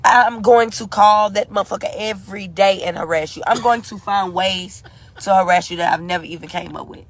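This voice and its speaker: A woman's voice: mid-range voice, a little fast. A grieving woman ranting furiously in a live video, cursing and defiant, repeating herself. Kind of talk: angry profane rant.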